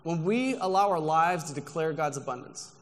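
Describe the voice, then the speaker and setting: Brief: male preacher, slightly higher voice, emphatic and earnest, long church-hall reverb. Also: lively intonation, normal speed. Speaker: guest pastor. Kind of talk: sermon. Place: church sanctuary.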